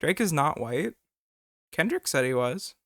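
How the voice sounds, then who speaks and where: Gravelly joking streamer man. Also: fairly high pitch, very animated, a little slow, a bit bright, dry recording, studio quality. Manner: crude, joking, laughs often. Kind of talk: live stream reaction commentary.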